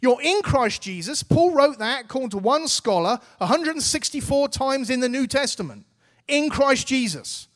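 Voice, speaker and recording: A man's voice: very high-pitched, lively intonation, normal speed, hardly any pauses, fairly bright tone. A man in his thirties preaching a sermon, earnest and exhorting, with casual, everyday phrasing.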